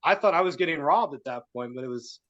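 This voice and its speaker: A man's voice: on the high side, quick pace, dull audio. A man, a cannabis grower from West Virginia, telling a story as a guest on a podcast and acting out the voices of the people in it. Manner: animated storyteller acting out quotes. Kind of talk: casual storytelling.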